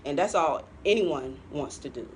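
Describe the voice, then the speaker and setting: A woman's voice: low voice, expressive, normal speed, a little hiss or hum. A woman co-hosting a political talk show, giving pointed commentary and laughing often. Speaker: co-host.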